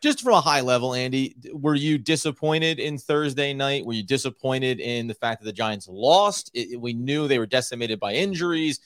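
A man's voice: mid-range voice, animated, moderate pace, few pauses, fairly bright tone, no room sound. A man hosting a sports podcast in loose, joking chat. He hams up his introductions with a mock-grand flourish, and the sound is close and dry. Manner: playful, mock-grandiose banter. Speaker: podcast co-host.

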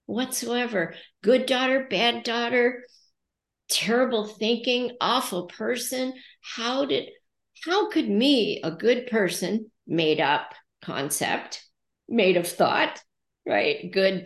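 On her casual podcast, an American coach in middle age thoughtfully plays out the conversation in her own head. She has a somewhat high, creaky voice, heard in an echoey room.

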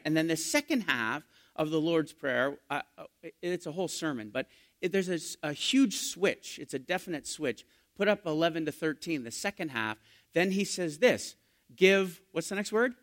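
A male pastor preaching a sermon, asking his listeners questions and moving between hushed and emphatic delivery. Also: on the high side. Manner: dynamic preaching, asks the congregation questions, swings from hushed to loud.

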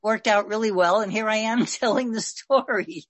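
A woman's voice: medium pitch, normal speed, no echo. A woman in a group discussion telling a personal story casually, rambling, with many fillers. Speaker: discussion participant.

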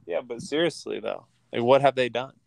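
A man's voice: medium pitch, fairly quick, creaky, a little mellow, no room sound. A young man co-hosting a podcast in a casual chat, giving blunt, emphatic opinions. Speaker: podcast co-host.

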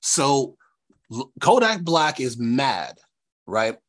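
A man's voice: medium pitch, big pitch swings, drawn-out words. A man from New York co-hosting a podcast in casual chat, rambling with many fillers. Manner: rambling, filler-heavy, restarts often. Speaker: podcast co-host.

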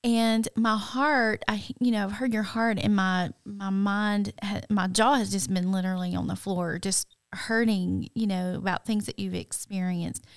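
A woman co-hosting a podcast, asking questions in an earnest, soft-spoken way. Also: medium pitch, fairly even intonation, a little slow, few pauses, smooth, dry recording, studio quality. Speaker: podcast co-host. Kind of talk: interview conversation.

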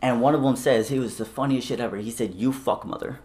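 A young man telling stories in casual chat, swearing often and animated. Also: mid-range voice, fast talker. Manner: profane, animated storytelling. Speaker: storyteller.

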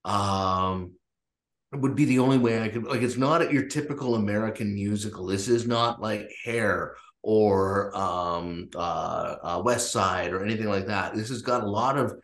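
A man's voice: lowish voice, measured pace, a bit bright. Man, podcast co-host, rambling, enthusiastic, echoey room. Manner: enthusiastic, rambling, many fillers. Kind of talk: casual chat.

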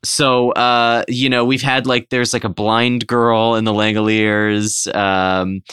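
A man co-hosting a comedy podcast, riffing an improvised pitch in a rambling, filler-heavy way. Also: flat delivery, slow pace, a bit bright, clean tone, no echo, clean studio sound. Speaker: podcast co-host.

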